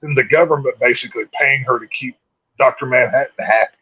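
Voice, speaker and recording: Husky guy rambling about a movie, blunt, kinda muffled dry sound. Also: medium pitch, quick pace, bright, forceful tone, no echo. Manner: rambling, blunt, lots of restarts. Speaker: podcast movie reviewer. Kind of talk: casual chat.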